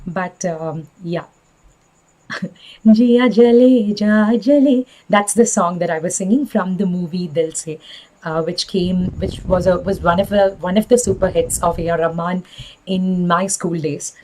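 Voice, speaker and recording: A woman in her thirties with an airy, breathy voice, chatting warmly with her students as an online teacher. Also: on the low side, steady tone, normal speed, poor audio. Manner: friendly, addresses children, laughs often. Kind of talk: live class sign-off chat.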